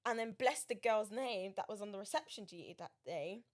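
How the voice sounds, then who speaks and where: A woman co-hosting a podcast in casual chat, telling a story with lively acted-out quotes. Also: mid-range voice, a little fast. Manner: animated storytelling, acts out quotes. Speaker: podcast co-host.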